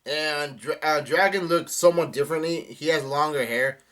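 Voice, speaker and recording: A man's voice: a little high, fairly bright tone. Male host reading a comic aloud live, hesitant delivery full of fillers. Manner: reads aloud haltingly with many fillers and restarts. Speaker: manga reaction host.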